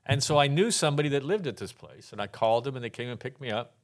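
With a medium-pitched voice and a quick pace, an older man from Texas recounts his faith testimony on a podcast. He's animated, performing the voices of people in his stories and often breaking into laughter.

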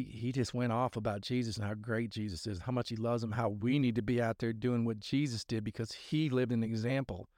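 This is a man with an ordinary middle-pitched voice, hosting a casual faith podcast. He talks in a rambling, sincere flow full of restarts and side turns. The sound is dry and close. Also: darkish tone, no echo. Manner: rambling, earnest, many restarts. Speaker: podcast host.

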